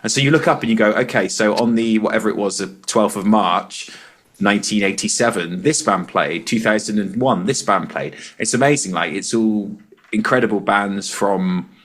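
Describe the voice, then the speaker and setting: A man's voice: fairly low pitch, normal speed, fairly bright tone. A man who plays in a band, co-hosting a podcast and telling rambling, enthusiastic stories. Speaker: band member and podcast co-host. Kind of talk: casual podcast chat.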